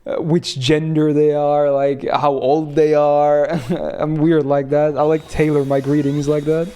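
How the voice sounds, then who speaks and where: A man's voice: on the high side, a little slow, clear, resonant tone. Laid-back young man streamer. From Finland. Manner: relaxed, rambling, laughs often, answers chat. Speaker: game streamer. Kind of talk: casual stream chat.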